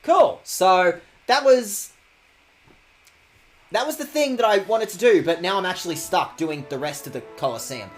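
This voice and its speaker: Casting: male game streamer, lively pitch swings, sarcastic banter, salty language. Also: normal speed, faint music behind. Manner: animated, sarcastic, swears often. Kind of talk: casual game streaming chat.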